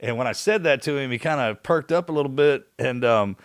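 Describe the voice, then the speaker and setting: A man's voice: mid-range voice, fairly quick, smooth, no room sound, clean studio sound. A man hosting a podcast, telling a story in casual chat, acting out other people's lines and tossing in "man". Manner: animated storyteller, acts out quotes, says "man" a lot. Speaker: podcast host.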